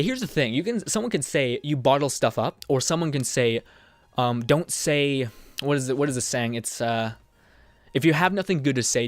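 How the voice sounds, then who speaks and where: A young man talking in a personal vlog, rambling and halting, with many restarts and fillers. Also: medium pitch, dry recording. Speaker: vlogger.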